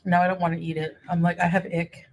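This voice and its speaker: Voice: medium pitch, little pitch movement, quick pace, rough recording. A vlogger telling a rambling, chatty travel story while eating on camera. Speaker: vlogger in clip.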